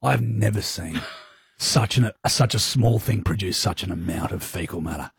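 Man, Australian accent, radio host, rough husky voice, dead dry studio sound, rambling banter. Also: low voice, moderate pace, no room sound. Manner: rambling storyteller, self-deprecating and crude. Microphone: studio microphone.

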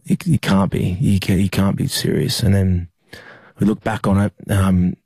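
A young Australian man, a rugby league player, telling a personal story in an interview, halting with many fillers and restarts. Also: low voice, level tone, creaky, mellow, slightly rough, no room sound.

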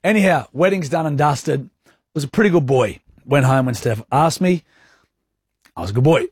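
A husky Australian man spins a self-mocking yarn on a radio show, his pitch swinging lively up and down. He talks close to a studio microphone in a dry, dead-sounding room. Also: normal speed, no room sound. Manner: animated, self-mocking anecdote teller. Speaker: radio co-host. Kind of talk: casual storytelling banter.

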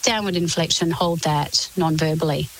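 A woman, an expert guest on a radio interview, explaining in a measured way with frequent "you know". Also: sits low, faint music behind, low-quality recording. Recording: faint hiss.

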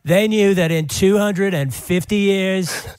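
A man's voice: high voice, measured pace, darkish tone, clear, resonant tone, dry recording, studio quality. A man doing a comic impression of a brash older American male president, speaking in a boastful, repetitive rally cadence.

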